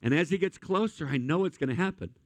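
A man preaching a sermon, a pastor who tells animated, comic stories from family life. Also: a little high, fast talker, no room sound.

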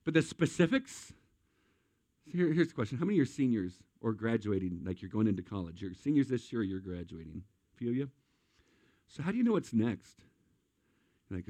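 A man's voice: medium pitch, expressive, a little fast, darkish tone, dry recording. A middle-aged man, a pastor, preaching a sermon with humorous, self-deprecating stories.

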